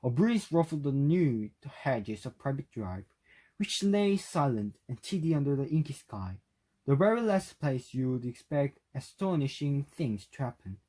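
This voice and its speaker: A man whose first language is Korean reading a novel aloud for speaking practice, at a careful, steady pace. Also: mid-range voice, a little slow, low-quality recording. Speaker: reader.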